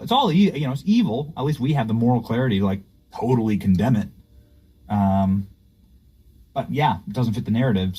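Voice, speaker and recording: A man's voice: medium pitch, mellow, breathy edge, poor audio. A man hosting political commentary, sarcastic and mocking. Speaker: commentary host.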